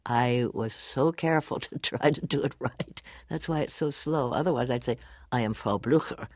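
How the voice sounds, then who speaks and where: A woman's voice: rumbling low, normal speed, a little mellow, dry recording, studio quality. An older woman as an interview guest, telling anecdotes animatedly, laughing often and acting out whispered lines.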